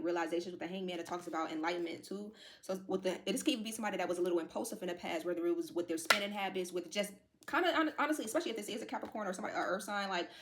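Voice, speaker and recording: A tarot reader with a fairly low-pitched voice gives her viewers a casual reading, rambling with plenty of fillers and addressing them as y'all. At times she becomes emotional, close to tears.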